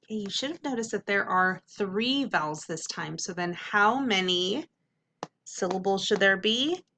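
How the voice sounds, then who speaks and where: A young adult woman teacher giving an upbeat phonics lesson, clearly sounding out letters and syllables. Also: medium pitch, lively intonation, unhurried, pushed and bright, a little hiss or hum.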